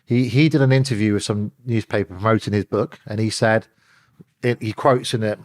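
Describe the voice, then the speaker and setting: A man's voice: fairly low pitch, a little fast. A middle-aged man, telling stories as an interview guest and acting out the phone calls he describes. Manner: animated storyteller, acts out phone calls. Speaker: interview guest, former bodyguard. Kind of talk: candid storytelling in an interview.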